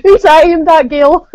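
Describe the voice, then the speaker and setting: A woman's voice: extremely high pitch, darkish tone, no room sound, muffled recording. A woman co-hosting a casual live-streamed chat, playfully teasing and often giggling. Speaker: co-host.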